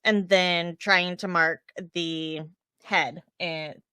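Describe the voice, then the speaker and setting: A woman's voice: on the low side, steady tone, drawn-out words, pushed and bright, clear, resonant tone, no room sound, studio quality. Chatty woman podcast co-host. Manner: chatty, laughs often, thinks aloud. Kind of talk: casual chat recapping a TV episode.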